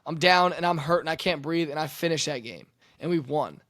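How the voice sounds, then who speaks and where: A man's voice: on the high side, fairly quick, a bit bright. A young man, a former quarterback, talking in casual sports chat, emphatic and profane, often repeating words as he builds up. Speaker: podcast co-host, former quarterback.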